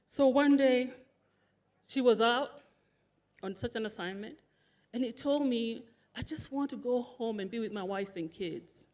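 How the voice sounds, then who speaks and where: A woman's voice: a little high, measured pace, pauses often, a little mellow. A woman giving an emotional funeral tribute, rambling and tearful, with laughter breaking through. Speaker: eulogy speaker, sister of the widow.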